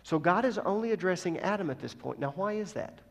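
A man's voice: sits high, expressive, fairly quick, gravelly. Man preaching in a reverberant hall. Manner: emphatic, with swings between loud stresses and soft asides. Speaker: preacher teaching scripture. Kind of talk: sermon. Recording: long reverb of a large hall.

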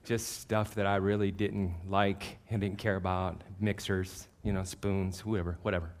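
The man's voice sits low and moves at normal speed. A pastor in his fifties, he preaches through lively, self-deprecating personal anecdotes and gets loud whenever he hits a punchline.

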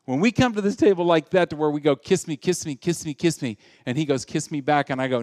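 A male pastor preaching a sermon, moving between loud, animated passages and hushed, intimate ones. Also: fairly high pitch, quick pace, few pauses, no echo, clean studio sound.

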